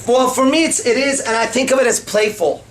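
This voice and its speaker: A man's voice: very high-pitched, a little fast. A man coaching on dating in a casual seminar, swearing freely and acting out pickup lines as he explains them. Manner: profane, animated, acts out pickup lines.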